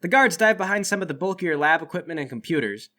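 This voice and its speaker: Lively, bright-voiced male game master. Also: sits high, fast. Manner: animated, playful narration. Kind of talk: narrating a tabletop game.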